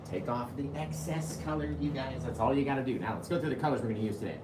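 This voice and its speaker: A man hosting a live painting tutorial, chatty, laughing easily and often checking in with a quick "right?". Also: medium pitch, reverberant, heavy background noise. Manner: chatty, keeps asking "right?"; laughs easily while talking. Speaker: painting instructor.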